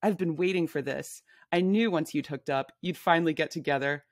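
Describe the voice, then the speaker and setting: A woman's voice: sits low, fairly quick, no room sound, clean studio sound. A woman reading as a brash, pushy woman friend. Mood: chatty. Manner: pushy, blunt, bossy. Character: brash, loud adult woman friend at a bar. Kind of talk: reading a memoir aloud.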